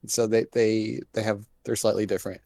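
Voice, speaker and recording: A man's voice: on the low side, flat delivery, fairly quick, gravelly, warm tone, no echo. A man co-hosting a casual podcast chat, hesitant and chuckling mid-sentence.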